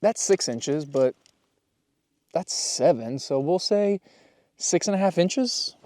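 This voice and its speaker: A man's voice: a little high, lively intonation, slow pace, dark tone, no room sound. A man vlogging casually outside in the snow, playful and goofy, talking to his dog and his viewers. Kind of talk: casual vlog chat. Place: snowy yard outdoors.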